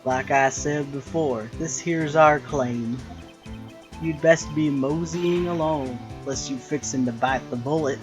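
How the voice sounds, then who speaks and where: A man's voice: a little high, lively intonation, faint music behind. A young man doing a drawling cowboy lawman. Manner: slow twangy drawl with cowboy slang. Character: drawling Old West cowboy detective, man.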